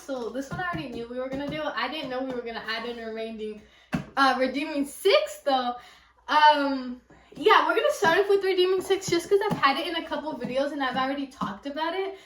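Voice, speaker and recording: A woman's voice: high-pitched, a bit bright, slight background noise. A young woman with a Californian accent, chatting casually about a book she just finished, rambling and gushing with lots of fillers. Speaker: book vlogger. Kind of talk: casual book review chat. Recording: echoey room, a little far from the mic.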